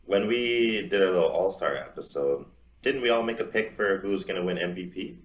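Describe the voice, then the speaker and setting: A man's voice: deep voice, moderate pace, distant mic. A young man co-hosting a sports podcast, teasing his friends with wry remarks. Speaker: podcast co-host. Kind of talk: casual sports chat. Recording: echoey room.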